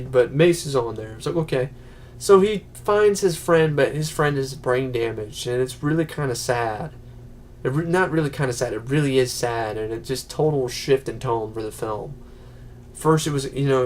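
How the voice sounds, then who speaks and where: A man giving a casual, rambling spoken film review, full of fillers and quick acted-out quotes. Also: mid-range voice, a little mellow. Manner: rambling, many "you know" fillers, acts out quotes. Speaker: movie reviewer.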